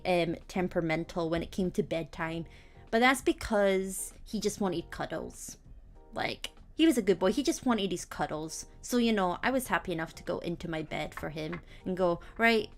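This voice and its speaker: A young woman streamer chatting casually to her viewers, telling stories about her cats and laughing often. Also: lowish voice. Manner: chatty storytelling, giggly, acts out her cats. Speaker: VTuber streamer.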